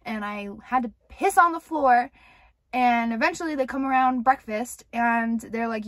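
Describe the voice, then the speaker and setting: A woman's voice: on the high side, moderate pace, dry recording. Candid young woman telling a storytime. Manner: candid, rambling, heavy cursing and filler "like". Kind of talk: casual storytime monologue.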